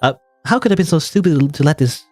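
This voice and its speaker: A man's voice: on the high side, animated, fast, darkish tone, no echo, soft background music. A man reading the lines of an earnest, polite young woman heroine in a game, apologetic and anxious. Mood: despairing.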